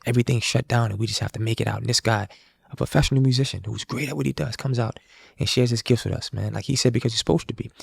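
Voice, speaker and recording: A man's voice: mid-range voice, fast, creaky, husky, no echo, studio quality. A man, a street musician, telling a story in casual talk and acting out the dialogue of the people in it. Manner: animated, acts out quoted dialogue.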